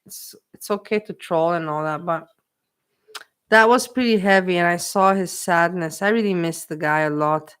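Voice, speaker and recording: A woman's voice: fairly low pitch, normal speed, a bit bright, clear, resonant tone. Emotional woman chatting on a livestream. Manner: emotional, repetitive, talks to her chat. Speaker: livestream host. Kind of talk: casual livestream chat.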